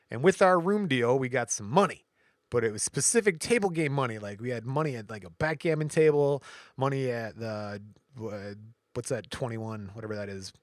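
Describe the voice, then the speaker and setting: A man's voice: medium pitch, no echo. A man telling a story on a podcast, his voice in the middle range for a man and recorded close and dry. He jumps into the voices of the people in the story and swings his delivery as he goes. The style is loose, casual chat. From Michigan. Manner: animated storyteller, acts out quoted voices. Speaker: podcast co-host.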